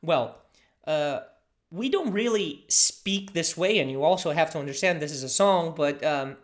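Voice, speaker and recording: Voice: medium pitch, animated, unhurried. A language teacher from southern Brazil, a native Portuguese speaker with a Brazilian accent, giving a casual lesson, patiently explaining and repeating phrases.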